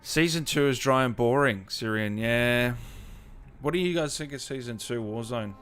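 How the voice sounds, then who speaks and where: A man's voice: medium pitch, fairly bright tone. A tired Australian man hosting a casual live gaming stream, reading viewer comments aloud and answering them in a laid-back way. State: tired, just woke up.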